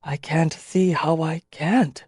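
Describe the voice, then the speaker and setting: A bleak male dragonrider leader, as a woman narrator puts him on speaks in a flat, chill, lowered voice. He stays measured and quiet. The storybook reading is close and dry. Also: breathy edge, no room sound. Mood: grim.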